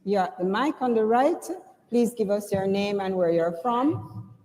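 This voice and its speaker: Woman moderator at a podium; mellow, lowish voice with long hall reverb. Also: lively intonation. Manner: rhetorical, measured. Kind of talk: conference moderating and speech. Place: conference hall.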